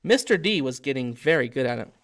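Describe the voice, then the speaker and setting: Animated man reading a storybook. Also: medium pitch, a little fast. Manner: animated, with slips and self-corrections. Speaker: narrator and author. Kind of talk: reading a fan parody storybook aloud.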